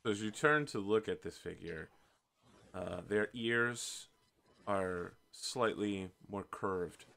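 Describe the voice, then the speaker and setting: Slow-talking man running a tabletop game. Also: fairly low pitch, vocal fry, fairly bright tone. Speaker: game master and host.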